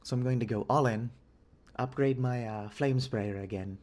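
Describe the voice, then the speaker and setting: A man's voice: mid-range voice, moderate pace. A man in his twenties giving wry, self-mocking let's-play commentary with a stuffy nose. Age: 20s. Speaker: gaming channel host. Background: loud game music and combat sounds.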